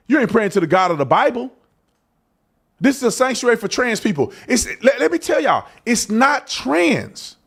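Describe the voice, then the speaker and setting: Man, high pitched, swoops all over, preachy opinion host talking fast and loose. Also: husky. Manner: preachy, colloquial, mocking impressions. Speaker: podcast host. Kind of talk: opinion commentary.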